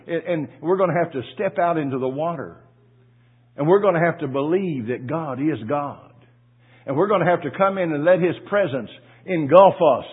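Husky preacher man on tinny audio. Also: on the high side. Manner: folksy, repeats words, rises to loud exclamations. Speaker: pastor. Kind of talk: sermon with storytelling.

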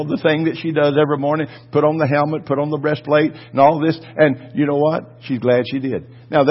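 A man preaching a fervent sermon, swinging between quiet asides and loud exhortation. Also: on the high side, dull audio. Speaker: pastor.

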